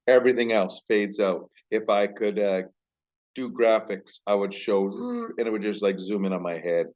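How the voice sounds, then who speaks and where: A man who teaches high school, talking casually to camera in a rambling, self-deprecating way. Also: sing-song, moderate pace, darkish tone, muffled recording. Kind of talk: casual vlog talk.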